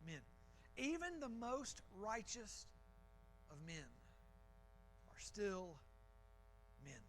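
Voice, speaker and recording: Bright, high-voiced man preaching. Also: sing-song, extremely slow, slight background noise, poor audio. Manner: conversational, emphatic preaching with repeated restarts. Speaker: pastor. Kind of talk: sermon. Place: church.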